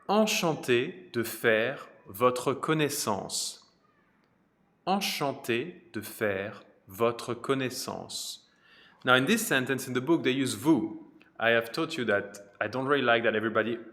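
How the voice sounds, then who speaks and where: A man teaching a pronunciation lesson, repeating each phrase slowly and carefully, with chatty teaching asides. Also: on the low side, a bit bright. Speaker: French teacher.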